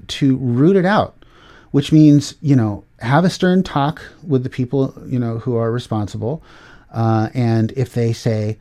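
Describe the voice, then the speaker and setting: Casting note: middle-aged male podcast host, mid-pitched voice, loose and rambling delivery with lots of fillers. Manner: rambling, many fillers and restarts, acts out quoted voices. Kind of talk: casual tech commentary.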